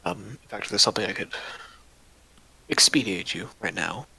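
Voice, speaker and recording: A man's voice: fairly low pitch, expressive, moderate pace, creaky, bright, forceful tone, slight background noise, full character voice, low-quality recording. A man playing a wry, wary young prince. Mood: formal. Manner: dry, polite, hesitant with many ums.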